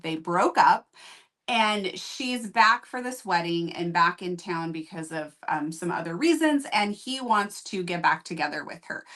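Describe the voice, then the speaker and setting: A woman's voice: medium pitch, fairly bright tone. A woman hosting a book review show, chatting casually and candidly, with rambling asides. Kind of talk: casual chat.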